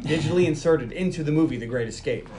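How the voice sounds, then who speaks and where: A man's voice: fairly high pitch, fast talker, background noise. A man hosting a podcast, retelling a film scene by scene in loose, casual chat with plenty of ums and swearing. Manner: loose storytelling with frequent ums and swearing, mimics characters in quotes. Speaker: podcast host recapping a film.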